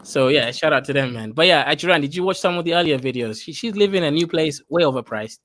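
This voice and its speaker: A man's voice: a little high, expressive, fast talker, fairly bright tone. Chatty man giving advice. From Kenya. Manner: chatty, advice-giving, says "right?" often. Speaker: host. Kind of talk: casual chat with friends.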